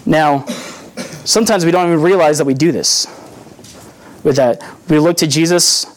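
A young man delivers a sermon in a slightly higher-pitched voice. He keeps it earnest and conversational, teaching more than proclaiming, and slips into little acted-out quotes along the way. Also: moderate pace, slight background noise. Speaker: preacher.

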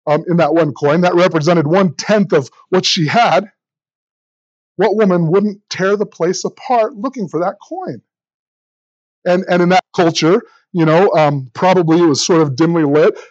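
Male pastor, high voice, animated sermon delivery, repeats his words, dry lo-fi sound. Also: no room sound.

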